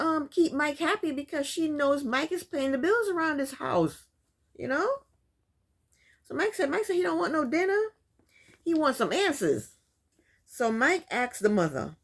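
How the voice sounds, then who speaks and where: A woman casually recapping a reality show, chatty and sassy, often breaking into laughs. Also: high-pitched.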